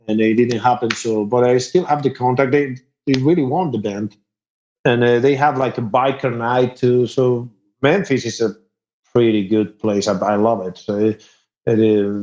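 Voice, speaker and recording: A man from Spain with a Spanish accent, a musician guest telling stories in a casual, animated way. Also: mid-range voice. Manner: animated, laughing storyteller. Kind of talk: casual storytelling interview. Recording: dull lo-fi sound.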